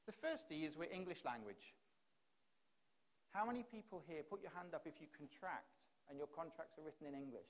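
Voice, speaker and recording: Speaking into a stage mic in a conference hall, a practiced keynote speaker argues through strings of rhetorical questions. His voice is fairly high, animated and a little fast.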